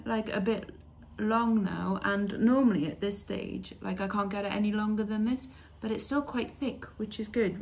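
A woman chatting casually as she unboxes beauty products, reading labels aloud with fillers along the way. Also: mid-range voice. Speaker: beauty vlogger.

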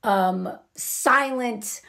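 Young woman ranting thru a movie recap, kinda high voice, super sarcastic, jumps into acting out the characters. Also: extremely slow, gravelly. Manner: animated, sarcastic, acts out characters' lines; frequent "like" and "literally" fillers. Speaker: vlogger. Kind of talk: casual film recap commentary.

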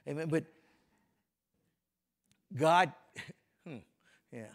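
Speaking slowly and pausing often, this man's voice rides on the higher side. He's a middle-aged pastor from Compton, California, delivering a sermon conversationally and talking straight to the people in his congregation.

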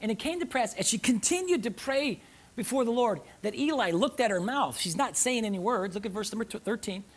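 The pastor's sermon in the church sanctuary moves briskly with lively intonation. He reads scripture, repeats phrases, and alternates between urgent, loud stresses and quiet, soft asides.

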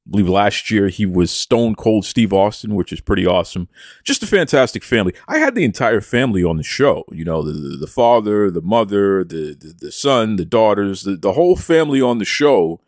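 A low-pitched man hosting a wrestling podcast, his voice swinging widely up and down as he hams it up like a wrestling promo. He talks about himself in the third person with boastful, playful swagger. The sound is close and dry. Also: sing-song, fairly quick, dry recording. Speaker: podcast host. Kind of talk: casual podcast chat.

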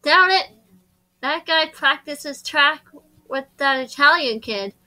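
A woman's voice: sits high, takes it slowly, sharp tone, heavily acted, rough recording. A woman voicing a brash, boastful young male hero in a dating game, laughing as she goes. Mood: cocky.

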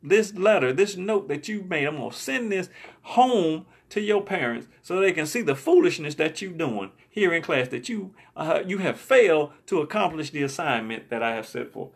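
A man's voice: fairly high pitch, lively intonation, moderate pace, creaky, slightly rough, exaggerated voice. A man voicing a stern female schoolteacher scolding a pupil, exasperated and fed up.

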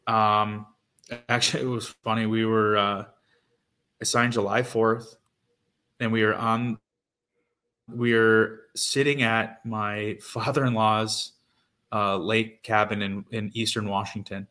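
A man in his thirties talks casually as an interview guest. His voice sits low, and he loops back through "um"s and restarts as he tells his story. He keeps his delivery fairly flat. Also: slow. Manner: rambling with many fillers and restarts. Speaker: guest, former pro hockey player.

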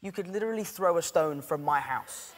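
A young British actor telling lively anecdotes as a talk show guest, acting out quotes and laughing often. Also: male voice, fairly high pitch, a little fast. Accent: British English. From England.

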